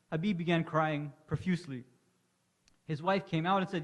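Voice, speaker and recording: A man's voice: a little high, normal speed, long pauses. A man delivering an impassioned Muharram sermon to a congregation, telling the story with rising emotion. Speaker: lecturer. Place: large hall at an Islamic center. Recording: long hall reverb.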